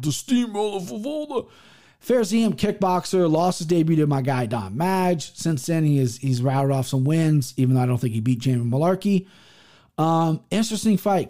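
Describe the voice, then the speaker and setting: Rambling, profane podcast host, mellow voice. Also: male voice, on the high side. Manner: rambling, profane, repeats himself with restarts. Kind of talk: casual fight-preview monologue.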